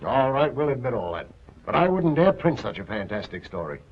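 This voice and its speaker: A blustery, impatient newspaper editor from a 1940s film, brusque and dismissive. His pitch leaps around as he pushes back. The sound is muffled and lo-fi, like an old film print. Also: very animated, fairly quick, husky.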